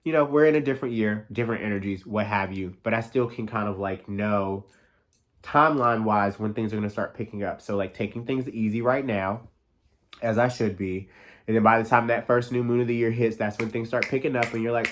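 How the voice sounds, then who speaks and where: Man, 30s, podcast host, casual solo talk, low-ish voice, quick excitable delivery. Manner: fast, excitable, lots of "like" fillers and swearing. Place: New York.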